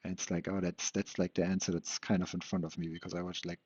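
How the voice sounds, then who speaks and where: A young man with a very deep, husky voice rambles through an unscripted monologue, stalling, restarting and second-guessing himself. He swears casually as he thinks out loud. The recording is dull and lo-fi, with a dry, close sound. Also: flat delivery, no echo. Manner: hesitant, halting, self-questioning, swears casually. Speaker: vlogger.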